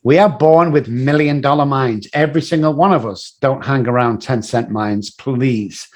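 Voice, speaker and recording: A man's voice: medium pitch, normal speed. A man telling motivational stories as a guest, acting out the voices of people in them. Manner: animated, acts out voices in his stories. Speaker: guest, addiction recovery coach. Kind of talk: motivational storytelling.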